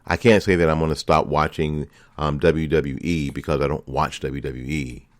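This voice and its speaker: A man's voice: very deep voice, fairly even intonation, normal speed, no echo, studio quality. A man hosting a political commentary show, delivering an impassioned opinion monologue full of repeated rhetorical lines. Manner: impassioned, repetitive rhetorical questions.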